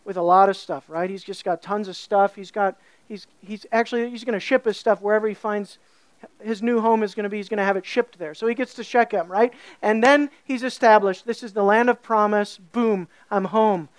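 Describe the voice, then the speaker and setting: A woman preaching a sermon, animated, asking her listeners questions and stretching key words slowly for emphasis. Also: medium pitch, no echo.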